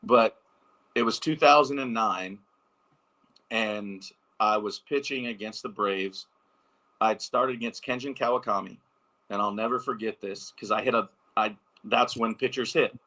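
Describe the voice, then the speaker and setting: Bright-voiced man in his thirties telling stories. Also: on the low side, measured pace. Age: 30s. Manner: animated anecdotes, many fillers. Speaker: former pro baseball pitcher, guest. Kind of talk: casual storytelling interview.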